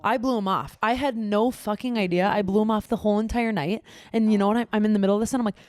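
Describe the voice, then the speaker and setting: A woman in her twenties co-hosting a casual podcast, telling stories in an animated way, acting out quoted lines and swearing freely. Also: medium pitch, fast talker. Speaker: podcast co-host. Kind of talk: casual chat.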